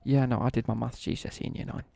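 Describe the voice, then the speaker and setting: A man's voice: medium pitch, level tone, rapid-fire, vocal fry, dark tone, no room sound. A young man with an English Midlands accent, rambling through slangy school stories and chatting to viewers while he streams a game. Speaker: live streamer. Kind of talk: casual chat while gaming.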